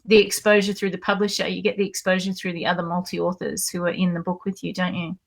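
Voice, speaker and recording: A woman's voice: fairly low pitch, flat delivery, quick pace, gravelly. A woman hosting an online author interview, enthusiastic and gushing about her guests. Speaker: host. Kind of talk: interview chat.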